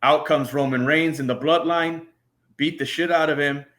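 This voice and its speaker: Bright-voiced excitable man. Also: fairly high pitch, normal speed. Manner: excited, profane, stumbling restarts. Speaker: guest panelist. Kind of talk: casual podcast chat.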